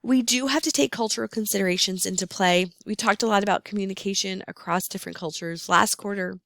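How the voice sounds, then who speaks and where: A woman lecturing nursing students, explaining terms and often pausing on "um". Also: mid-range voice, creaky, a bit bright, no room sound, clean studio sound. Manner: explanatory, repeats key terms, frequent "um". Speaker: nursing instructor. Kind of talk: recorded lecture.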